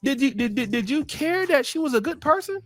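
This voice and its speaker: A man's voice: extremely high pitch, expressive, brisk, fairly bright tone, dry recording. A man hosting a commentary show, talking emphatically and repeating words when he gets worked up. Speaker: show host. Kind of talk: animated casual commentary.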